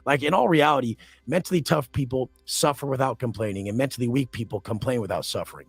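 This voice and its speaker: A man's voice: medium pitch, animated, fast talker, vocal fry, hardly any pauses, slightly rough, no echo, faint music behind. A man as a podcast guest, telling blunt, aggressive stories and swearing constantly, often acting out confrontations. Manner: acts out quoted confrontations. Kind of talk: profane storytelling in a podcast interview.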